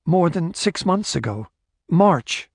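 A man's voice: a little high, big pitch swings, takes it slowly, vocal fry, husky, no echo, studio quality, pitched above the performer's own voice, heavily acted. A man voicing a terrified, pleading woman. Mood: frightened. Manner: desperate, sobbing pleas.

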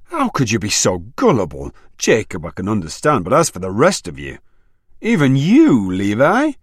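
A male narrator voicing a furious middle-aged farm mother who shouts shrilly. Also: extremely low pitch, huge pitch swings, brisk, husky, dry recording, clean studio sound, heavily acted. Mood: hurt.

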